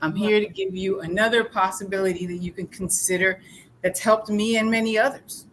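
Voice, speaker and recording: A woman giving a motivational talk as a guest speaker in an animated, storytelling way. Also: medium pitch, a little fast, a little hiss or hum.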